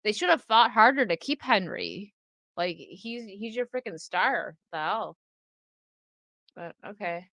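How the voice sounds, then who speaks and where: A woman's voice: mid-range voice, sing-song, unhurried, a bit bright, no echo. A young adult woman casually chatting on a live stream, reading and answering viewer comments with lots of fillers.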